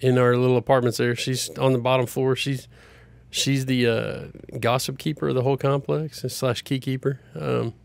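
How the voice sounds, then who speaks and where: A chatty man telling casual stories, his voice carrying a gravelly edge. He speaks at a middle pitch. The recording is dry. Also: flat delivery, normal speed, dry recording. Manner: chatty storyteller, lots of fillers like "like". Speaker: podcast co-host, property manager. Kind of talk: casual chat.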